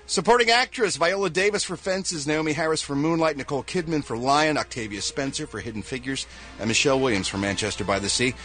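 A man's voice: fairly high pitch, fast talker, fairly bright tone, faint music behind. Wisecracking male radio host. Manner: wisecracking, reading news items. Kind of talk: casual morning show chat.

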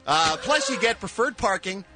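A man's voice: sits high, animated, moderate pace, sharp tone, soft background music. Playful Philadelphia-accented radio man. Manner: playful, exaggerated, boastful. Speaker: radio co-host. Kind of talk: morning radio banter.

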